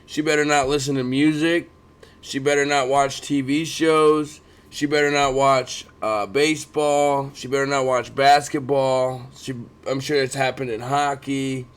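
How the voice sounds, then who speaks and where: A man in his thirties co-hosting a casual sports chat, talking fast and swearing often. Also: mid-range voice, clean tone. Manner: profane, animated, keeps complaining he yawns. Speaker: podcast co-host.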